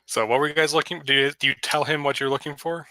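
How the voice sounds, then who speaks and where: A man's voice: a little high, fairly even intonation, quick pace, bright, forceful tone, no echo. A man running a tabletop game as dungeon master, narrating casually with lots of fillers over voice chat. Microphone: headset or desk mic on voice chat.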